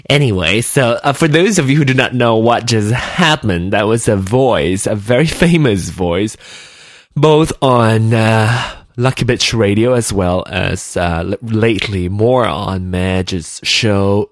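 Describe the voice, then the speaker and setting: Guy rambling on his podcast, giggly, slow talker, dry sound, just woke up. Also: lowish voice, lively intonation, no echo. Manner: rambling and giggly, lots of fillers. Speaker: podcast host. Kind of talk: solo podcast chat. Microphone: desk mic at computer.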